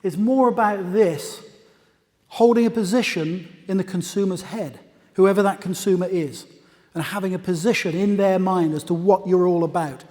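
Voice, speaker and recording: Fairly high-voiced man presenting in a hall. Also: normal speed, a little mellow. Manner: conversational, anecdotal, with asides. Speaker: conference speaker. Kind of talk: conference presentation. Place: conference hall. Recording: long reverb of a lecture hall.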